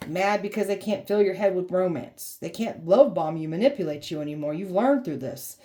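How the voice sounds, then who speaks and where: This tarot reader's voice is fairly low and mellow, and she talks fairly quickly. Her reading is blunt and heated, full of sass, casual swearing, and ridicule for the people she's talking about.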